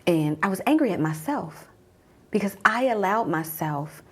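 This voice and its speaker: A woman around forty, a mom coach, telling a personal story as a guided journey, dropping to a hush at tense moments. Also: mid-range voice, animated, moderate pace, slightly rough.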